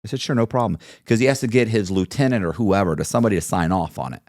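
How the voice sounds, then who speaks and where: A man's voice: fairly low pitch, fast, no room sound, studio quality. A man guest in an interview, telling a long story and acting out the voices of others in it. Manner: animated storyteller, acts out quoted voices. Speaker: podcast guest.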